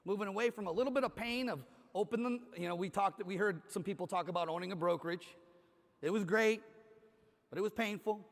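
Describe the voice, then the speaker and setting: Man on a conference stage, high voice, energetic storytelling, long hall reverb, motivational keynote. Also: fast talker, gravelly. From Cleveland, Ohio. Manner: energetic storytelling, animated quoted dialogue. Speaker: conference speaker.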